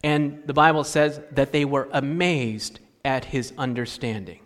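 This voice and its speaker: A man's voice: mid-range voice, a little slow, big-room sound. A man preaching a sermon as a pastor, telling a story with animation and acting out the voices of frustrated parents.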